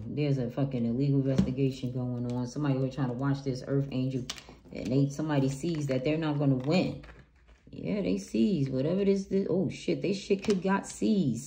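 A woman's voice: low voice, vocal fry. A woman giving a casual tarot reading, blunt and profane, talking in a hyped-up, emphatic way. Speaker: tarot reader. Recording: noisy home recording.

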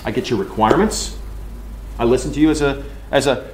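A man in charge of a large engineering team gives an animated, joking conference talk in a ranting manner. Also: mid-range voice, fairly quick, a little hiss or hum. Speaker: engineering leader. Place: conference room.

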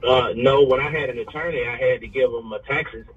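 Husky man on a tinny phone line. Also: mid-range voice, fairly even intonation, fairly quick. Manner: brief, hesitant replies. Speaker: caller. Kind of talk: phone conversation.

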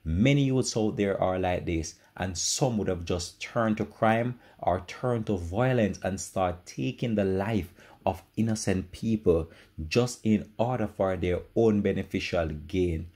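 Man, online news host, very deep voice, mellow tone, earnest commentary. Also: unhurried. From Jamaica. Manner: earnest and sympathetic.

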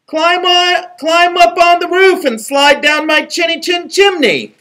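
A man voicing a cheeky little pig in a picture book, with a high sing-song voice. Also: unhurried, bright, forceful tone, full character voice.

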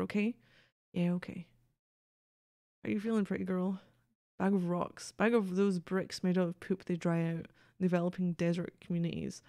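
A woman's voice: fairly low pitch, mellow, dry recording, studio quality. A woman streaming a game, reading its texts aloud and cracking sardonic, profane jokes in casual commentary.

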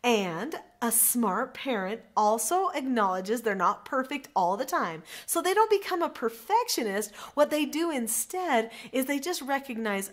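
A middle-aged woman with a slightly high voice delivers a parenting lesson straight to camera. She is earnest and instructive, and she repeats her key points for emphasis. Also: lively intonation, measured pace, few pauses. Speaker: parenting coach.

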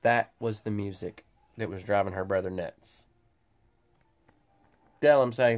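A man's voice: on the low side, unhurried, pauses often. A man, chatting and joking casually on his vlog. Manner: animated, joking, drawling. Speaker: vlogger.

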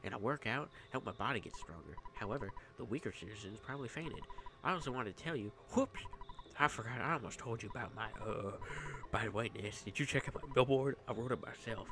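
A man voicing a loud, cheerful townsman who brags in a game. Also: mid-range voice, a little fast, noisy background, close to an everyday voice. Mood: boastful cheer. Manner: boastful, chatty.

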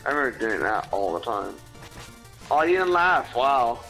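A man's voice: medium pitch, sing-song, moderate pace, bright, forceful tone, faint music behind, poor audio. A man co-hosting a game playthrough, teasing and laughing through casual commentary. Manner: giggly, teasing.

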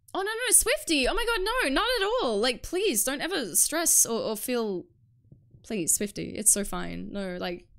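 A woman's voice: medium pitch, creaky. A woman livestreaming a video game, chatting casually and swearing freely as she answers her viewers. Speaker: streamer.

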